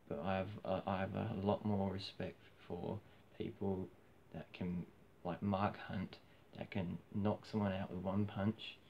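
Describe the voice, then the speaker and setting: A hoarse man with an Australian accent, his very low voice full of gravelly fry. He rambles through a casual monologue, restarting his sentences and filling pauses. The recording is dull and lo-fi, with a faint hiss in the background. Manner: rambling, frequent restarts and fillers. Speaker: vlogger.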